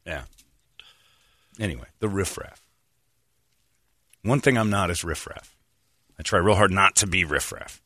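Lively, bright-voiced storytelling man. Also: fairly low pitch, husky, no room sound, studio quality. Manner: storytelling, acts out voices in anecdotes. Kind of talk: casual chat.

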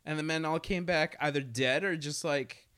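Halting New man co-hosting a radio chat. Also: on the high side, bright, forceful tone, smooth. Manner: halting, many restarts. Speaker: radio show co-host. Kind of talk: casual chat.

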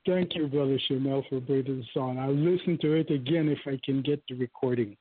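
An older man calling into a show, halting and appreciative, with soft laughs. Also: medium pitch, husky, no echo. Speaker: caller. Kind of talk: call-in comment. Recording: thin phone-line call.

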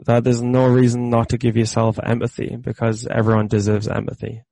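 Gravelly, frank male podcast guest. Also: medium pitch, completely flat delivery, a little fast, mellow, no echo. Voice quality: frank, repeats his phrases. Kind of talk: casual chat.

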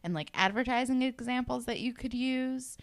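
A woman's voice: a little high, moderate pace. A young woman co-hosting a casual recap chat, sarcastic and swearing, with lots of filler words. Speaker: podcast co-host.

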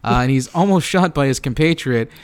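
A man's voice: mid-range voice, animated, fairly quick, clear, resonant tone. A man co-hosting a casual podcast about a movie, talking with many fillers and restarts. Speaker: podcast co-host. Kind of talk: casual movie commentary chat.

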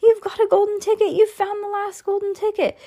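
A woman reading a storybook aloud, voicing a fat, excitable male shopkeeper who turns shrill and booming with excitement. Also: moderate pace, lightly acted. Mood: ecstatic. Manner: booming and excitable when thrilled.

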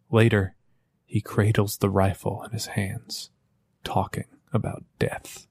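A man narrating a tabletop game as game master, slow and solemn. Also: on the low side, flat delivery, gravelly, no room sound, studio quality.

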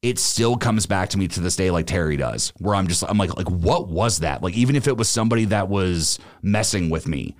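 A man's voice: deep voice, expressive, fairly quick, few pauses, no echo, clean studio sound. A man hosting a podcast, telling a story in casual chat, rambling with lots of restarts and fillers. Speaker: podcast host.

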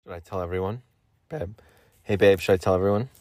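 A man's voice: sits low, quick pace, darkish tone, dry recording. A young man in his twenties rambling and joking as a podcast host in a vocal booth, swearing now and then. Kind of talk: casual solo podcast chat.

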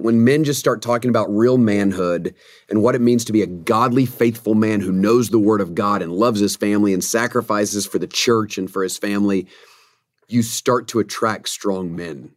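A man's voice: medium pitch, dry recording, clean studio sound. A man who is a pastor and author, speaking as a podcast guest in an earnest, preacherly way. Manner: earnest, preacherly, emphatic about conviction. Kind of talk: podcast interview conversation.

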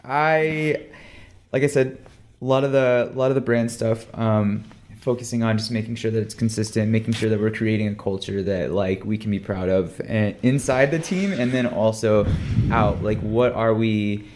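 A young man on a podcast, talking about brand work in a hesitant way with many pauses and restarts. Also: fairly low pitch, steady tone, darkish tone, a little hiss or hum. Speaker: brand lead on content team. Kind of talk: casual podcast chat.

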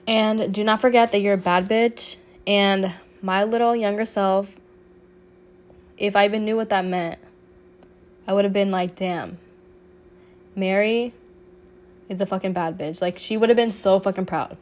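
A woman's voice: medium pitch, fairly even intonation, moderate pace. A woman in her late twenties hosting a solo podcast, sick with a cough, talking casually and heartfelt, peppered with swearing and "like". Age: 20s. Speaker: podcast host.

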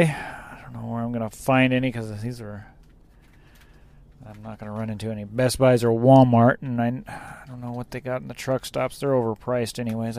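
Male trucker vlogger, rambling casual delivery, mid-pitched, dry close-miked sound. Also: darkish tone, no echo. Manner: rambling, laughs at own story. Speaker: truck driver. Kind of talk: casual chat.

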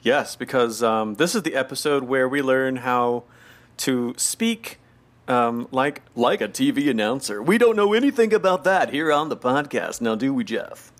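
A man's voice: mid-range voice, animated, normal speed. A man co-hosting a podcast in casual chat, playful and giggly, with lots of asides and fillers. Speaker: podcast co-host.

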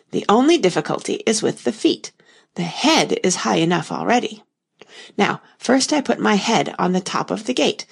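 Bumbling old knight inventor for a storybook reading, earnest and rambling, read by a woman with a gravelly voice. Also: mid-range voice, voice pushed up, full character voice. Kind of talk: audiobook character reading.

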